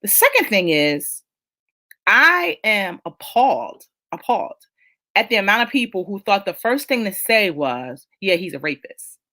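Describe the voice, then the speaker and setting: A woman in middle age hosts a casual live-stream chat. Her voice sits in a middle register, and she talks in an emphatic, conversational way, pausing to read out comments from viewers. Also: medium pitch, sing-song, pushed and bright. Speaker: host of a live chat show.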